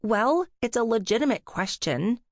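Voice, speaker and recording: A woman's voice: fairly high pitch, normal speed, no echo, studio quality, voice pushed up, natural voice. A woman voicing an anxious, impulsive teenage girl apprentice witch in an audiobook, sounding whiny and pleading.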